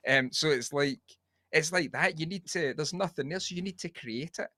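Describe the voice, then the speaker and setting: Bright-voiced rambling Scottish man. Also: a little high, moderate pace, no room sound. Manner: rambling and sweary, with many restarts. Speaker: podcast co-host. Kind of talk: casual chat.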